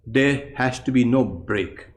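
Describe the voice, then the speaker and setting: A man, a monk and yoga teacher, giving a meditation class in a measured, explanatory way with many pauses. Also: medium pitch. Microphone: online class recording.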